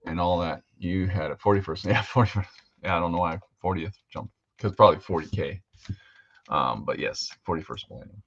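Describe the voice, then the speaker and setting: A man hosts a live model-painting stream, chatting in a loose, rambling way with plenty of fillers. His voice is low and deep. The audio is dull and lo-fi. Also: brisk, gravelly, fairly bright tone, husky. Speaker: host of a live hobby painting show. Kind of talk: casual livestream chat while painting models.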